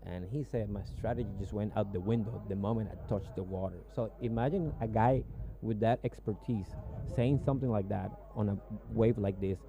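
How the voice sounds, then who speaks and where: A man's voice: fairly low pitch, normal speed. A man co-commentating a surf contest, chatty and reading out the heat scores. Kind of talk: live sports commentary.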